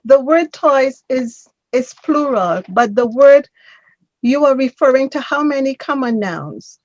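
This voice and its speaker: Slow, patient woman grammar teacher. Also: high voice, animated, dry recording, dull audio. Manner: patient, corrects and drills pronunciation. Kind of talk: online class instruction.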